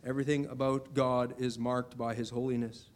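A man's voice: mid-range voice, level tone, normal speed. A middle-aged man preaching a sermon earnestly, building to emphatic declarations as he reads scripture.

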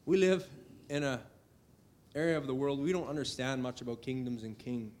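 A man's voice: mid-range voice, fairly even intonation, normal speed, darkish tone. A middle-aged man preaching a sermon earnestly, building to emphatic declarations as he reads scripture.

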